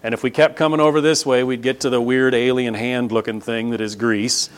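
A man's voice: medium pitch, fairly even intonation, a little fast. A man teaching a casual Bible lesson from a map. He talks in a conversational way, often checks in with "right?" and leans on key words for emphasis.

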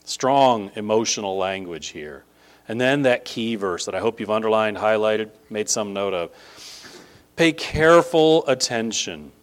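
A man preaching a sermon in a conversational style that builds to emphatic, animated stress. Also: on the low side, normal speed. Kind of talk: sermon teaching.

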